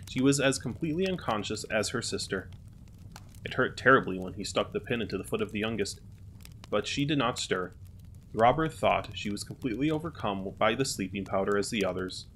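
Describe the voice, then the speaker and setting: A man calmly narrating a fairy tale as a storyteller. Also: on the low side, a little hiss or hum.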